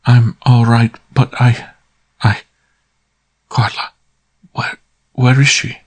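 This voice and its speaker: A woman's voice: rumbling low, level tone, takes it slowly, husky, pitched above the performer's own voice, exaggerated voice. A man reading an audiobook, voicing a frightened young woman who pleads and falters. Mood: pleading.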